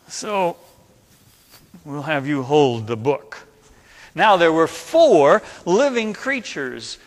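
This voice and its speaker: A man, a pastor, leads an interactive chapel talk, coaxing listeners in an animated way to act out the story. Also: a little high. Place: large chapel. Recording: reverberant hall sound.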